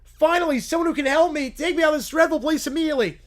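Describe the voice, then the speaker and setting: A man voicing a spoiled little girl who acts like a princess, whining and bossing everyone around in a raised, drawn-out voice. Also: very high-pitched, voice pushed up. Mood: bossy. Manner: whining, bratty, drawn-out complaints.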